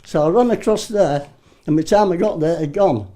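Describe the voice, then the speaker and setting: A British man in his nineties, being interviewed, reminisces casually and rambles through his war stories. His voice is on the high side, warm and brisk, and he's a salty storyteller who swears freely and restarts his sentences often.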